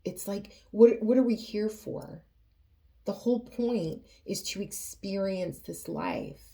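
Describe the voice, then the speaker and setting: A woman giving a tarot reading to her viewers, earnest and emotional, often pausing and restarting her sentences. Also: mid-range voice, animated, creaky, dark tone. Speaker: tarot reader.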